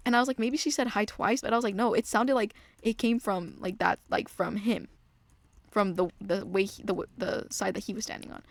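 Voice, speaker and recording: A woman's voice: mid-range voice, fairly even intonation, brisk, vocal fry, no room sound. Rambling young woman, dry close mic. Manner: rambling, self-interrupting, trailing off into mutters. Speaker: gaming vlogger. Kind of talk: casual storytelling while playing a game.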